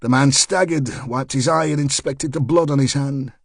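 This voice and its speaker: A man narrating a crime thriller audiobook in a measured storytelling voice with wry asides. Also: mid-range voice, creaky, no echo, clean studio sound. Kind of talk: scripted narration.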